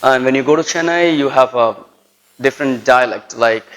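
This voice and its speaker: A man's voice: mid-range voice, normal speed, fairly bright tone, rough recording. A man from South India with an Indian English accent and a Tamil background gives a classroom lecture to students. He checks in with them constantly, adding "right?" after nearly every point. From Tirunelveli, South India. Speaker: college lecturer.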